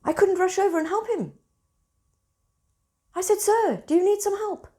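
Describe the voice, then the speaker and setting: A woman, hosting and telling everyday stories in a casual, expressive monologue. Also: extremely high pitch, normal speed. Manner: animated, expressive storyteller. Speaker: spiritual centre host.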